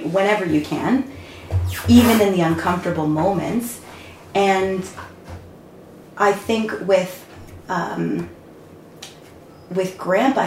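Woman, fond laughing reminiscence, slow speech, roomy echo. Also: lowish voice. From Canada. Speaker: granddaughter sharing memories. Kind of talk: reminiscing chat. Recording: roomy with faint noise.

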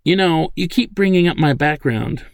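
A man's voice: on the high side, expressive, moderate pace, no echo, studio quality, voice pushed up. A man voicing a nervous young male street programmer who talks in an eager, defensive way.

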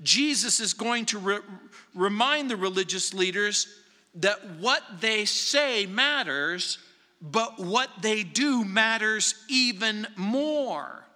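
A man pastor preaching a verse-by-verse sermon in an earnest, emphatic way with dramatic pauses, recorded in a church sanctuary. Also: sits high, lively intonation, bright, forceful tone. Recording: echoey hall reverb.

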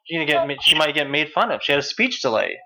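A man's voice: on the high side, very animated, quick pace, bright, forceful tone, rough recording. A middle-aged man hosting a casual chat about parenting, rambling with many fillers and restarts. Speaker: podcast host.

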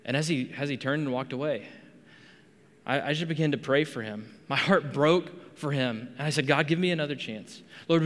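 A man's voice: a little high, fairly bright tone, big-room sound. A man preaching a sermon as pastor, earnest, often repeating words as he starts a phrase. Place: rec center meeting room.

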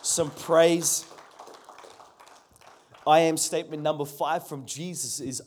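A man preaches a sermon from the pulpit, with a voice that sits noticeably high for a man. He speaks earnestly and draws his listeners in with rhetorical questions and calls for a response. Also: fairly even intonation, slow pace, pauses often, a little hiss or hum. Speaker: pastor.

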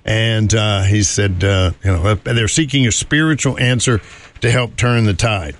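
A man's voice: on the low side, a little slow. A man hosting a morning show, chatting casually and rambling with fillers and chuckles. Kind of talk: casual radio chat.

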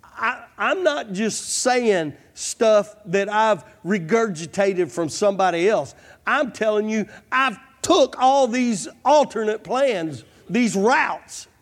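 A man's voice: high-pitched, lively intonation, slow. A man preaching a fervent sermon, repeating "come on" and "I'm telling you" as he presses his points. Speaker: pastor.

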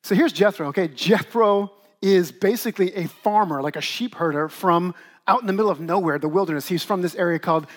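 A man with a high, light voice preaches to his congregation. He talks in a lively, conversational way and slips into quick acted asides. He sounds middle-aged and speaks as their pastor. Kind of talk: sermon.

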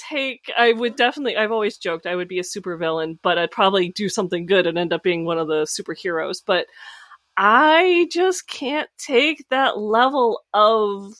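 A woman's voice: medium pitch, normal speed, dry recording. Upbeat American woman, podcast co-host, chatty and laughing, dry sound. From United States. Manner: animated, laughs often, talks in bursts. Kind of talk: casual chat.

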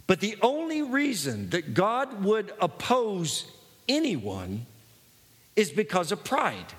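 Man, pastor, sermon, high voice, lively pitch, earnest storytelling, reverberant hall. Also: slow pace. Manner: earnest, personal storytelling with many restarts.

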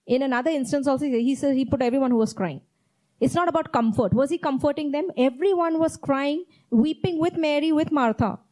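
A woman's voice: high voice, brisk, a little mellow, rough recording. A woman preaching a sermon, reading Bible verses aloud and repeating key phrases with earnest emphasis. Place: church.

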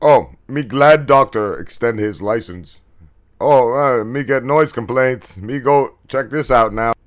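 A man's voice: mid-range voice, a little slow, natural voice. Man doing a dopey ape cop. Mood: dim-witted. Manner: caveman broken English, grunting. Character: dim hairy male ape police officer.

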